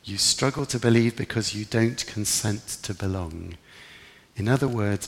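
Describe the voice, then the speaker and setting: A lowish, gravelly male voice at a moderate pace delivers an earnest, reflective sermon, lifting for emphasis in quoted prayers. A long reverb tail follows his words.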